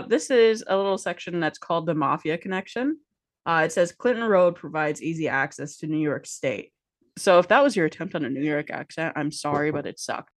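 A woman's voice: lowish voice, no room sound, clean studio sound. A woman co-hosting a casual podcast, teasing her co-host and reading aloud from a book.

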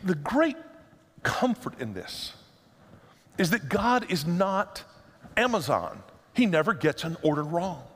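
A man's voice: high voice, big pitch swings, takes it slowly, long pauses, a bit bright, slightly rough, in a large hall. A middle-aged male pastor delivering a sermon in a conversational, humorous storytelling manner.

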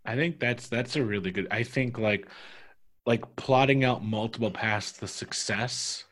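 A man's voice: medium pitch, measured pace, a bit bright. Male game master, loose rambling podcast delivery, heavy filler words. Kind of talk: casual podcast discussion.

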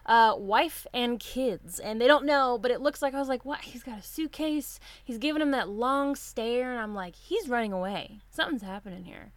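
A woman co-hosting a casual chat, retelling a story in an animated way and acting out the quotes. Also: fairly high pitch, moderate pace, few pauses, dry recording. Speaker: podcast co-host.

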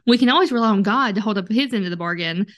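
A woman's voice: medium pitch, expressive, racing. A woman co-hosting a podcast in casual chat, easygoing and agreeable, laughing often. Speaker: podcast co-host.

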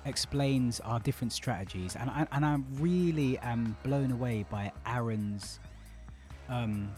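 A man hosting a podcast, talking in a casual, joking way. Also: on the low side. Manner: joking, teasing. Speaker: podcast host. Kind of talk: casual chat. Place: remote call.

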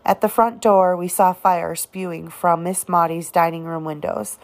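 A woman narrating an audiobook of a novel, reading in a halting way with occasional restarts on words. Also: fairly low pitch, steady tone. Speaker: audiobook reader.

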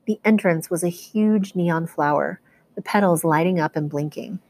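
Low-voiced woman reading a novel aloud. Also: moderate pace, dry recording. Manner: steady first-person storytelling. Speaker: teacher reading to students.

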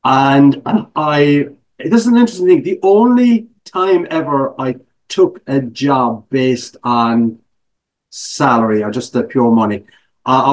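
A middle-aged Irish man with an Irish accent and a mid-range voice appears as a guest speaker, telling stories with self-mocking humor in a casual interview.

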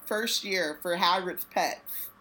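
A woman's voice: on the low side, takes it slowly, pushed and bright, rough recording. A woman co-hosting a casual book podcast, talking expressively with slangy asides and frequent laughs. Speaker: podcast co-host.

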